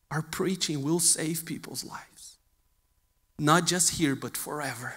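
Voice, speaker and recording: A man preaching a sermon in English, moving between loud, passionate calls and quiet, hushed stretches. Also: on the high side, takes it slowly, pauses often. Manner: swings from shouting passion to hushed near-whisper.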